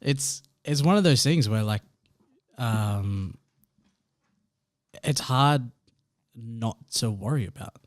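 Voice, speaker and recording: A man's voice: mid-range voice, lively intonation, slow, pauses often, no room sound. An Australian man co-hosting a casual podcast, laid-back and full of fillers as he reassures and shares his own story. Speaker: podcast co-host.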